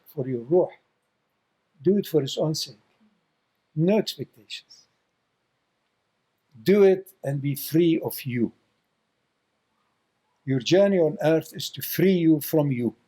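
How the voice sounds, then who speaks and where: A man's voice: fairly high pitch, warm tone, low-quality recording. A man giving an informal spiritual talk as a Sufi teacher, telling stories with blunt, teasing remarks and repeating words for emphasis.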